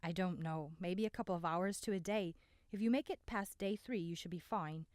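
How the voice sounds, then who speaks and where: A calm older man who treats wounds and gives steady, practical orders, as a woman reading a storybook puts him on. The voice stays low and even. The recording is close and dry. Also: normal speed, dry recording, natural voice. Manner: steady, instructive. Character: calm older male guide and healer.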